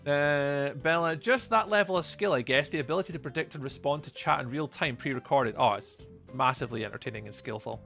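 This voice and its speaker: A man's voice: mid-range voice, fairly quick, vocal fry, bright, forceful tone, soft background music. A man from Scotland with a Scottish accent, streaming a game live and chatting easily with viewers, greeting and thanking them by name as he reads their messages aloud.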